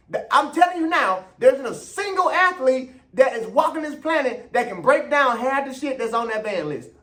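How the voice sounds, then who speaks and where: A man on his own show with a high, swooping voice, ranting in a heated, emphatic way. He hammers the same points again and again and leans hard on key words. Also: a bit bright. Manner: passionate, emphatic, repeats points, drawn-out stresses. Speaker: vlog host and runner. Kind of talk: heated opinion rant to camera.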